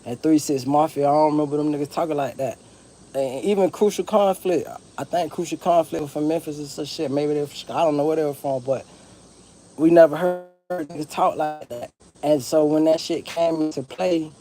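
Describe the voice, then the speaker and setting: A man's voice: fairly high pitch, a little fast, warm tone, slight background noise. A man from Florida with a Southern accent, talking casually and profanely to camera in a rambling vlog monologue. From Broward County, Florida. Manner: rambling, profane, laid-back. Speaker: vlogger.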